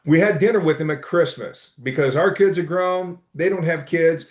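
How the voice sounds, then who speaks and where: A middle-aged man talks in a slightly high voice, eager and rambling, doubling back on his words as he tells stories. His voice rings around an echoey room. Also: normal speed. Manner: enthusiastic, rambling with restarts. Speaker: podcast guest, entrepreneur. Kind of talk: casual storytelling chat.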